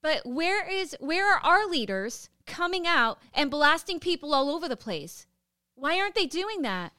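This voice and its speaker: A woman co-hosting a podcast in casual chat, expressive and quick to exclaim. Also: sits high, no echo, studio quality. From Florida. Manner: expressive, exclaiming, rising to indignation. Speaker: podcast co-host.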